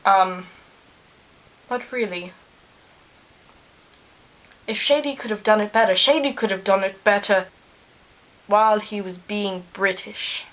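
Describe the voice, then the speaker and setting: A woman playing a smug, rambling male scientist character in a fan-made in-character video, talking with plenty of ums and trailing pauses. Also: mid-range voice, fairly even intonation, a bit bright.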